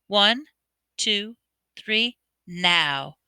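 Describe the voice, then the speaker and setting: A brisk, kindly male teacher calls out quick instructions to a class, as a woman reads him aloud. The tone is very bright and crisp, with a dry, close sound and no room echo. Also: medium pitch, lively intonation, exaggerated voice. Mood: urgent commands.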